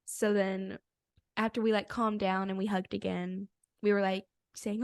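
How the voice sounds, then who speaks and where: A young woman tells a story on a podcast in a bubbly, animated way, laughing as she goes. Her voice has a gravelly fry and a mid pitch. The sound is close and dry. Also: a little slow, dry recording. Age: young adult. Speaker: podcast co-host. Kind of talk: casual storytelling chat.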